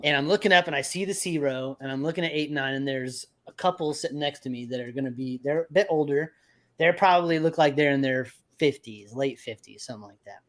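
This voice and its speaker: A man hosting a podcast, telling a story in casual chat with lots of swearing and animated retelling. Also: a little high, quick pace. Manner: profane, animated storytelling with laughs. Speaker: podcast host.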